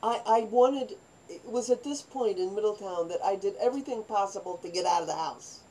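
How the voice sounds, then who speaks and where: An older woman in a personal storytelling monologue, rambling and animated, acting out the voices of people in her stories. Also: medium pitch, brisk, slight background noise, low-quality recording. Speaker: vlogger telling her life story.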